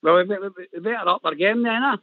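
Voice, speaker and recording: A Scottish man on a football phone-in, bantering in an animated way and saying "man" a lot, heard over a phone line. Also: high-pitched, fast talker, no room sound. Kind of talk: casual football phone-in chat.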